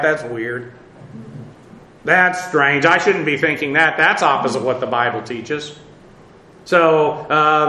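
A man's voice: high-pitched, pushed and bright, reverberant, rough recording. A man teaching a sermon through Bible passages, blunt and conversational, with many fillers and restarts. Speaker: preacher.

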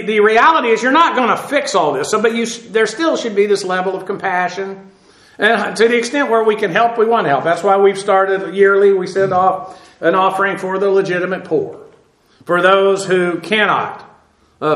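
High-voiced man teaching a sermon, echoey. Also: a bit bright. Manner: plain conversational teaching with frequent fillers and restarts. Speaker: pastor.

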